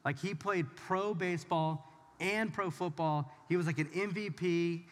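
High-voiced male pastor in a reverberant hall. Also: measured pace. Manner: talks straight to the audience, informal and emphatic. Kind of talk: conversational sermon.

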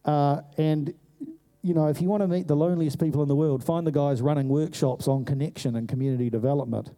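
A man's voice: a little high, fast. A man telling a story in a sermon, acting out the voices of the people in it. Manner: animated storyteller who acts out voices. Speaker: preacher.

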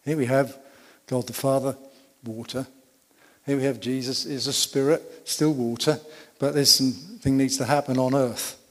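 Preacher, emphatic storyteller. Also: male voice, medium pitch, fairly even intonation, normal speed. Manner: emphatic storytelling with rhetorical questions. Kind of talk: sermon. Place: church. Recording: long reverb of a church hall.

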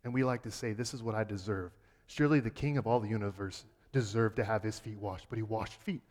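A man giving a sermon as a pastor, earnest, dropping quiet and then rising emphatic. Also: on the low side, quick pace, big-room sound.

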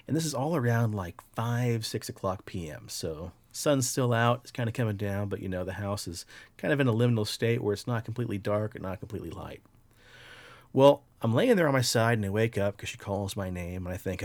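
A podcast host tells a story casually, swearing freely and getting animated. His voice sits a little low, and the recording is dry and close. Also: fairly quick, no room sound. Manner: relaxed, profane, animated storytelling.

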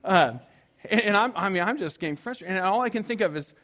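A pastor preaches a storytelling sermon to his congregation, using self-deprecating humor and animatedly acting out his own frantic panic. His voice is high-pitched and fast.

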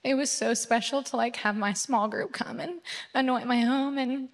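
A woman's voice: a little high, moderate pace. Woman giving testimony in echoing hall. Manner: chatty, filler-heavy, excited retelling. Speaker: church member giving testimony. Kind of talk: personal testimony. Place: church sanctuary. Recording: reverberant church hall.

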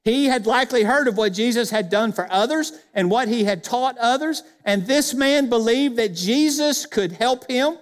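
Speaking at a normal speed with few pauses, a very high-pitched male pastor delivers an emphatic sermon, firing rhetorical questions at his congregation. The sanctuary's long hall reverb trails after his words.

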